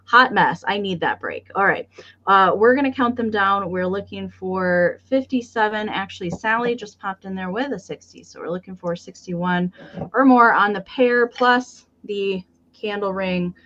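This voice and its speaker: A woman's voice: mid-range voice, normal speed, sharp tone, dull audio. A woman hosting a live-stream sale in a casual, chatty way, describing each item in detail with frequent ums and counting down bids.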